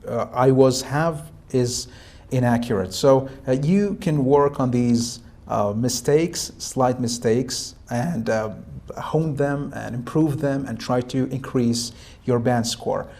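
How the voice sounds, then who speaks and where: A man's voice: mid-range voice, takes it slowly. Hesitant male examiner giving feedback. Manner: hesitant, many fillers and restarts; calm, instructive. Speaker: IELTS speaking examiner. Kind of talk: spoken feedback to a student.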